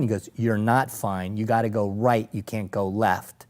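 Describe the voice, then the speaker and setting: Low-voiced man telling animated stories. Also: moderate pace, hardly any pauses. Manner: animated storyteller, acts out voices and laughs. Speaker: guest, safari operator and former lawyer. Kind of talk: anecdotal storytelling in conversation.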